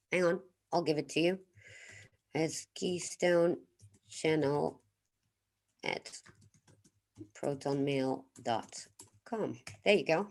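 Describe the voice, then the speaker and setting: A woman from the Netherlands with a Dutch accent, hosting a casual livestream, reflective and unhurried, pausing to greet and thank viewers in the chat. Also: low voice. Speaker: livestream host.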